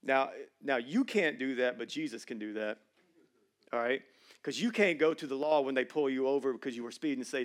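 High-voiced joking preacher man. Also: expressive, fairly quick. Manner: conversational, joking preaching with emphatic swings in loudness. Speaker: pastor. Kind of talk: sermon. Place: church stage.

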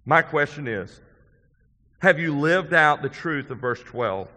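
Man, pastor, sermon, slightly high voice, bright tone, earnest and emphatic, long hall echo. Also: animated, slow. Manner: earnest, conversational preaching with emphatic swells and quiet drops.

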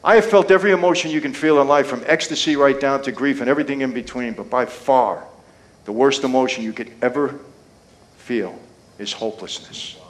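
A man giving an impassioned faith testimony on stage, addressing the audience directly as "people" with dramatic pauses. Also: medium pitch.

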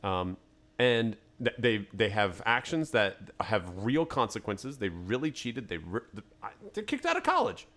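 A man's voice: fairly low pitch, sing-song, normal speed, a bit bright. A man co-hosting a podcast in a studio, thinking aloud and arguing his take on a film in casual chat. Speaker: podcast co-host. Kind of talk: casual movie review chat.

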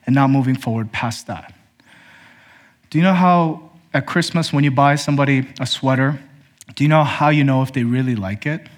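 Calling his congregation brothers and sisters, a male pastor delivers a direct, emphatic sermon. He moves between sharp, high-pitched questions and low, hushed statements.

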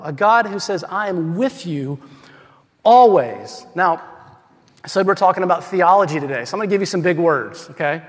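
A man preaching a sermon as pastor, swinging from loud emphatic lines to quiet, slow, intimate passages. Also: sits high. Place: church sanctuary. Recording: hall with long reverb.

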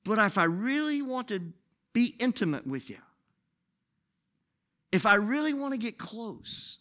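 A man preaching a sermon, dropping to hushed whispers and then rising to shouted, sing-song preaching. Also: sits high, very animated, measured pace.

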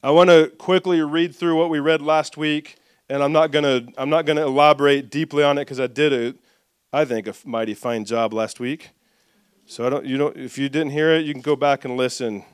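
A man preaching a sermon, reading scripture aloud and leading the congregation in call-and-response, with soft asides. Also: a little high, a little fast, clear, resonant tone, no echo, studio quality. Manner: lively, drops soft for asides. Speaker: pastor.

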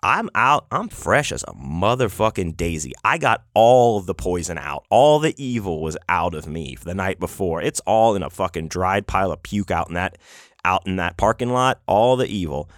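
A man's voice: low-pitched, expressive, normal speed, no echo, studio quality. A man hosting a podcast, telling a road story in a rambling, profane, casual way with lots of fillers and restarts. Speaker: podcast host.

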